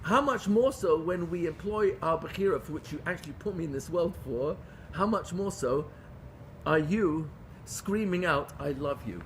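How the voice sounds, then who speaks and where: High-voiced man giving an emphatic class. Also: lively intonation, moderate pace, a little hiss or hum. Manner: emphatic, repeats phrases for stress, rhetorical questions. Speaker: rabbi teaching a class. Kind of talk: lively Torah lecture.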